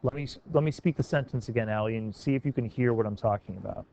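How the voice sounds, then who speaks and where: A man's voice: medium pitch, fast, hardly any pauses, darkish tone, muffled recording. A man teaching a class, calling on students by name and coaxing them to try sentence revisions. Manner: encouraging, questioning students by name.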